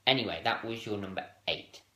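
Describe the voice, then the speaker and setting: A man with a lowish but bright, forceful voice talks casually through a countdown, stumbling and restarting often. He is recorded in an echoey room. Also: brisk. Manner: hesitant, many fillers and restarts. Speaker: video host ranking TV moments. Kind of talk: casual solo countdown talk.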